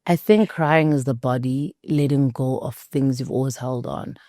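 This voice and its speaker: A South African woman with a deep, low voice talks in an earnest, reflective way. Her tone is close and dry, like casual podcast chat. She sounds like a guest speaking thoughtfully. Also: normal speed, dark tone, no room sound. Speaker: guest, actress and mother. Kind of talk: casual conversation.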